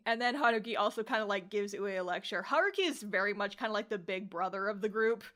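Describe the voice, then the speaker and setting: A young adult woman hosting a podcast, reviewing anime in casual chat. She is animated, laughs often and swears casually. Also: mid-range voice, fast. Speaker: podcast host.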